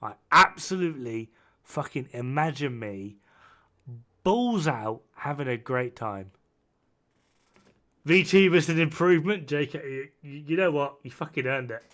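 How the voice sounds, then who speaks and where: Off camera in his home room, a man from the United Kingdom chats on stream in a fairly high, expressive, fairly bright voice, talking a little slowly. Whiskey has him tipsy, and he's loud, profane and self-deprecating.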